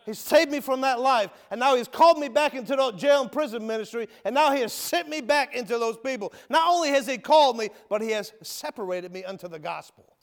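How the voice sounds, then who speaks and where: A man preaching a sermon and giving his testimony as a former convict, swinging from emphatic shouts to low near-whispers in a folksy manner. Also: animated, fairly quick, hardly any pauses. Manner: folksy, calls listeners brother and my friend. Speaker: preacher, ex-convict prison minister. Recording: long hall reverb.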